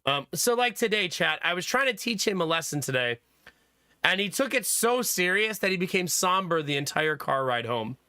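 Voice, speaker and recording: A young man chatting with his stream viewers as a father, telling animated stories and laughing often. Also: high voice, normal speed, clear, resonant tone, no room sound, studio quality. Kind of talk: casual chat with stream viewers.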